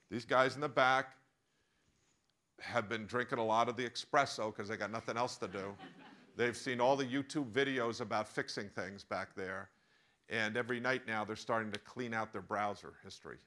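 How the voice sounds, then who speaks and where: A man with an American accent, a professor telling a story in a live masterclass, animated and full of asides. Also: lowish voice. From United States. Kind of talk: storytelling lecture to a live audience.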